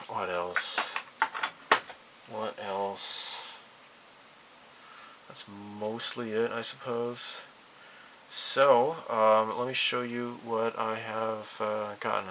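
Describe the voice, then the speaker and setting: Casual hobby vlogger, male, gravelly and unhurried, hesitant rambling delivery, noisy home recording. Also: lowish voice. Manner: rambling, hesitant, many fillers. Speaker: hobby channel host. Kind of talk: casual monthly update vlog. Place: cluttered room at home.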